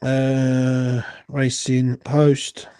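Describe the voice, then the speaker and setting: A man's voice: medium pitch, monotone, extremely slow, dark tone, clear, resonant tone, dry recording. A young man, hosting a live horse racing watchalong, swearing and grumbling in a rambling way. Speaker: watchalong host.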